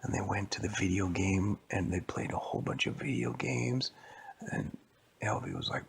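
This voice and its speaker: A man telling an improvised bedtime story in a hushed, mostly whispered voice. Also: lowish voice, moderate pace, creaky, a little hiss or hum.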